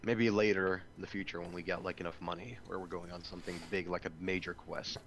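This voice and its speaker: A man's voice: low-pitched, level tone, fast talker, fairly bright tone, slight background noise. A man playing a tabletop game who asks questions and thinks aloud hesitantly. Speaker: player. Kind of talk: casual chat during a tabletop game.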